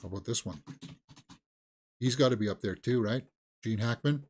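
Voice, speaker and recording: A man co-hosting a movie talk show, chatting casually and thinking aloud with halting restarts. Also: mid-range voice, darkish tone, slight background noise. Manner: musing, halting, with fillers and restarts. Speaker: movie news co-host. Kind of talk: casual chat.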